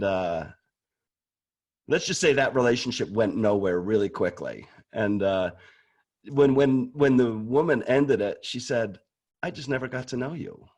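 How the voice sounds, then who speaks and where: Candid man talking about prayer. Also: medium pitch. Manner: relaxed, candid, often restarts words. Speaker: guest speaker on prayer. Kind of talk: casual conversational talk.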